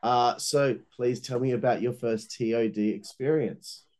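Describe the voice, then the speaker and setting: A man's voice: mid-range voice, steady tone, a little slow, darkish tone. A man hosting an interview, reading out dates and details before prompting his guest. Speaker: interviewer, host. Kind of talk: interview questions.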